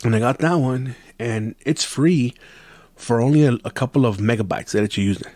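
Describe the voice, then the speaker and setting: A man's voice: mid-range voice, moderate pace, darkish tone, dry recording. A young man hosting a podcast who tells a story in loose, profane casual chat and drops Spanish phrases into his English. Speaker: podcast host.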